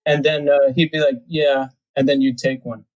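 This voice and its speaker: A man's voice: medium pitch, little pitch movement, a little fast, highs cut off. A man hosting a casual podcast, chatty and joking with his guest. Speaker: podcast host.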